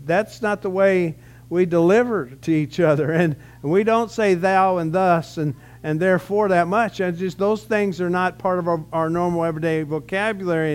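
A man preaches to his congregation, his voice sitting high for a man. He talks in a relaxed, conversational way, asking rhetorical questions and often restarting his phrases. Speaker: pastor. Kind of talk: sermon.

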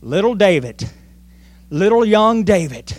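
A man's voice: sits high, unhurried. A male pastor preaching a sermon in church, telling a story with lots of energy and acting out the voices. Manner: animated storytelling, acts out voices.

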